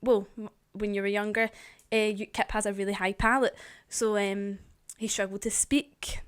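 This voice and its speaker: A woman's voice: medium pitch, little pitch movement, normal speed, clear, resonant tone. Cheeky young Scottish woman. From Scotland. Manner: teasing, laughs often. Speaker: podcast guest. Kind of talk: casual chat.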